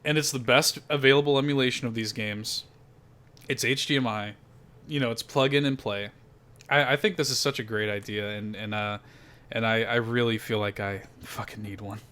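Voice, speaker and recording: A man hosting a casual podcast chat, animated and profane, laughing often. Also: mid-range voice, moderate pace. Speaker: podcast host.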